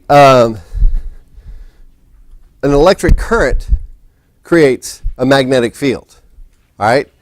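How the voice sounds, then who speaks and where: A man with a fairly high voice lectures a physics class in a lecture hall, casual and rambling, often restarting sentences as he talks while setting up. The recording has no room sound.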